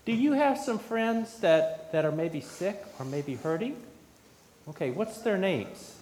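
A pastor leads a children's sermon in the church sanctuary, quizzing the children along the way in a high-pitched, animated, slightly mellow voice at a measured pace. Echo fills the space, and faint room noise lingers underneath.

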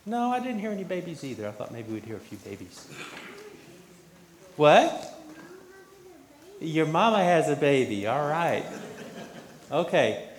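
A man's voice: a little high, sing-song, a little slow, long pauses. A man giving a children's sermon in church, questioning the children as he talks. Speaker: pastor. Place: church sanctuary. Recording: echoey church with faint room noise.

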